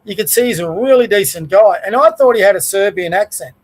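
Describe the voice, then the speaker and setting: A middle-aged Australian man hosts his own show, talking in a rambling, conversational way. His voice sits fairly high for a man. He speaks plainly and stops now and then to correct himself. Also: fairly quick, low-quality recording. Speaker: podcast host. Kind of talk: casual political rant.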